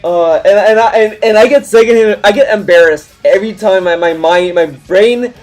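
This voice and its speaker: A man in his twenties, a livestream host telling a story in casual, rambling chat, full of restarts and animated turns. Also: sits high, normal speed, faint music behind.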